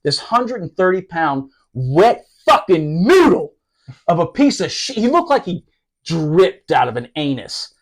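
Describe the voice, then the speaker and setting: Profane storytelling man with a higher voice. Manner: profane, animated, laughing, fast asides. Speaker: podcast guest telling a story. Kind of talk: casual storytelling.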